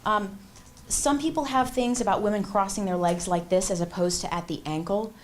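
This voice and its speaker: In a large room with a class, a woman runs an interview-skills workshop, coaching directly and hands-on and demonstrating poses. Her mid-range voice moves at a moderate pace with slight background noise, captured as roomy hall audio from far off.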